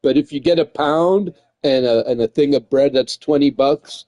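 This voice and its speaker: A man's voice: medium pitch, moderate pace, mellow, no room sound. A man chatting casually while streaming, rambling and swearing, often tossing in "man" and "dude". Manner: rambling, profane, says "man" and "dude" a lot. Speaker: gaming streamer.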